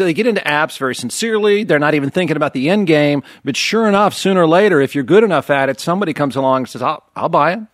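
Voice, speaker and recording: High-voiced lively male host, dry sound. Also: no room sound. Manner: easygoing, laughs along, asks follow-up questions. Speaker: show host. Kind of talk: casual interview chat.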